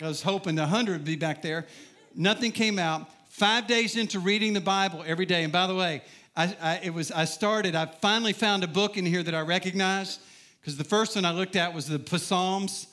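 Middle-aged preacher guy, pretty high voice, joking his way through his testimony. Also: sharp tone. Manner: humorous storytelling, asks the crowd. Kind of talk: sermon testimony.

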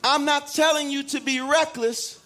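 A man delivers a sermon in a church, his voice sitting unusually high. He moves between shouted declarations and hushed asides, acting out the voices he quotes. His tone is bright and pointed. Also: fairly even intonation, moderate pace, some chatter behind. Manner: dramatic, swings from shouts to hushed tones, laughs often. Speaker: preacher.

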